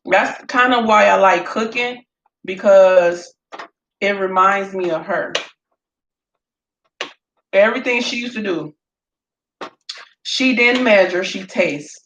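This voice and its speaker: A woman, chatting in a casual cooking vlog and telling lively stories while she cooks in her home kitchen. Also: medium pitch, takes it slowly, long pauses, muffled recording. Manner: storytelling, animated, laughs often. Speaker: home cook vlogger. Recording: echoey room with faint noise.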